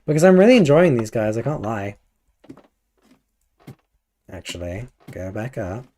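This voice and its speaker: A British man with a slightly hoarse voice, chatting casually and playfully with his live chat while gaming. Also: medium pitch, sing-song, measured pace, dark tone, slight background noise. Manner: rambling, playful, chatty asides. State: a little hoarse. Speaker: livestreamer.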